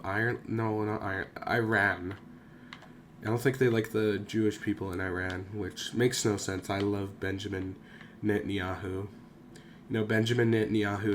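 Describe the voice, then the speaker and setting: A young man with a lowish voice rambles through a casual vlog monologue, dropping frequent swears and self-deprecating asides. A faint hum of room ambience sits underneath. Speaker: YouTuber.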